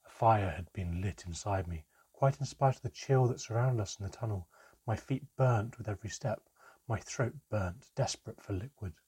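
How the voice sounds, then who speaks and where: A man narrating a storybook chapter in a steady, measured reading. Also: fairly low pitch, husky.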